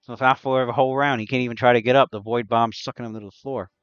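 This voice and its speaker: A man narrating as game master of an online tabletop game, in a loose, halting way with many fillers. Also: mid-range voice, fairly even intonation, clean tone, dry recording, muffled recording, soft background music.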